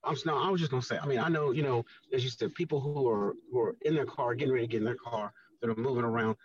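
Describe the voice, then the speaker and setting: A man speaking as a guest on a radio show, explaining earnestly with many pauses and fillers. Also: mid-range voice, breathy edge, recorded from a distance, highs cut off. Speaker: guest, housing redevelopment official. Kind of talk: radio interview talk.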